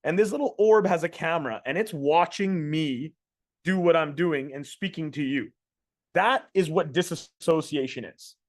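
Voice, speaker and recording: A man's voice: fairly high pitch, dry recording, clean studio sound. Blunt, casual man giving a motivational talk. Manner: casual and blunt, swears, repeats words while thinking aloud. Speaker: men's coach. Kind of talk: motivational talk to a group call.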